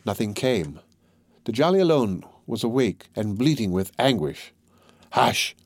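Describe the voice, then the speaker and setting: A man narrating a classic novel in a measured, even reading style. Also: fairly low pitch, dry recording. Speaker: audiobook reader.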